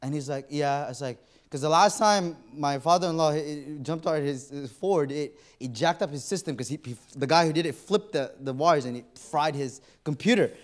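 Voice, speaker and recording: Man, preacher, church sermon, animated storytelling, acts out his own thoughts, fairly high voice. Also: normal speed. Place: church auditorium.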